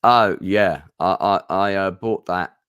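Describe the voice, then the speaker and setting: A man's voice: sits low, takes it slowly, fairly bright tone, clear, resonant tone, dry recording, muffled recording. A man hosting a casual livestream chat, rambling with lots of restarts and ums. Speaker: livestream host.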